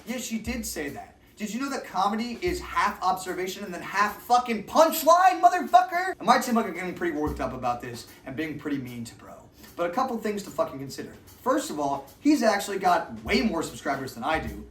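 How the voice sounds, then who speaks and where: A man's voice: high-pitched, expressive, normal speed, few pauses, recorded from a distance. Man ranting profanely with a roomy echo. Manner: profane, mocking, sarcastic. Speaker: commentary video host. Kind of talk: ranting reaction commentary.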